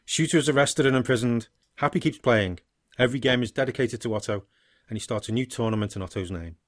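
A man co-hosting a casual podcast, steadily narrating a made-up dark movie ending. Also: medium pitch, fast, no room sound. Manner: steady storytelling, dry laughs, short agreeing replies. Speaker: podcast co-host.

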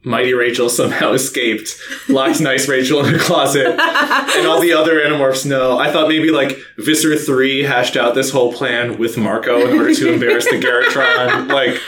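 A man's voice: medium pitch, normal speed, fairly bright tone, roomy sound. A man co-hosting a podcast, playfully spinning theories in casual chat and laughing along. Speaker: podcast co-host.

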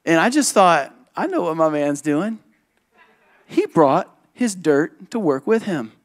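A man who is a pastor, preaching a sermon and telling a personal story with animated, emphatic delivery and quick switches into other people's voices. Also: on the high side.

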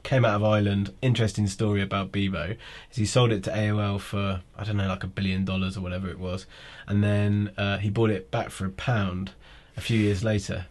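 A man's voice: fairly low pitch, flat delivery, brisk, few pauses. A young man, a guest on a podcast, telling stories in casual chat. He rambles and often restarts his sentences.

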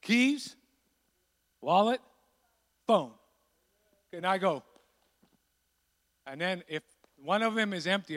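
High-voiced preaching man in a reverberant hall. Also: unhurried, long pauses. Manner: animated, acts out voices of the disciples. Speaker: pastor. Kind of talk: sermon.

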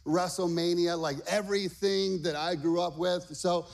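A middle-aged man pastor preaching a lively sermon to a congregation, energetic and repeating "okay?" and "all right" often. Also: high-pitched, normal speed, vocal fry. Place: church stage before a congregation.

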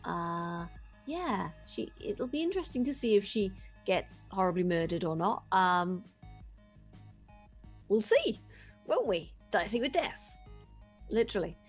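Husky woman player, relaxed and chatty. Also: mid-range voice, a little slow, pauses often, faint music behind. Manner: relaxed, chatty, with light laughter. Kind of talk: casual chat.

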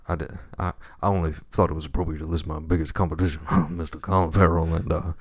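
A man's voice: rumbling low, flat delivery, fast, no echo, clean studio sound. A man putting on a drawling Southern crooner voice, pleading with his mama for an award.

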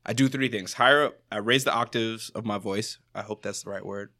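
Young man, from Jamaica, podcast guest, slangy, animated, bright lowish voice. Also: a little fast. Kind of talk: casual podcast conversation.

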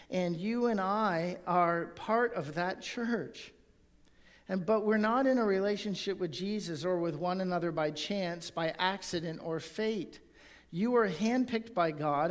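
A man's voice: high voice, a little slow, big-room sound. A male pastor preaching a sermon and reading scripture aloud, in an earnest tone.

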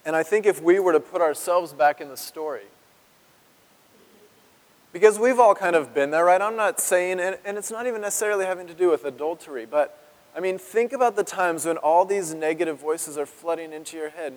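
A pastor with a fairly high voice delivers an earnest, emotional sermon, using dramatic pauses and dropping to a hush on key words. The recording carries the long reverb of a large hall.

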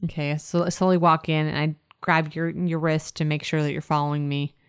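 A woman playing a tabletop role-playing game. She describes scenes in detail and reacts with lively exasperation. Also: sits low, a little fast, clear, resonant tone. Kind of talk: casual tabletop role-play narration. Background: music.

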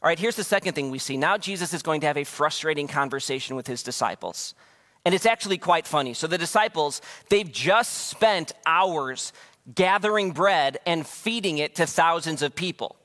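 A man's voice: fairly high pitch, lively intonation, normal speed, a bit bright. A man preaching a sermon as pastor, talking conversationally and acting out the scriptures. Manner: conversational, acts out quotes.

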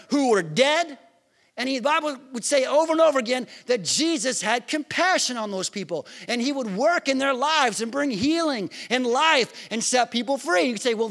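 The pastor speaks in a very high, somewhat bright voice. His sermon is casual in tone, full of questions to listeners and acted-out moments from scripture.

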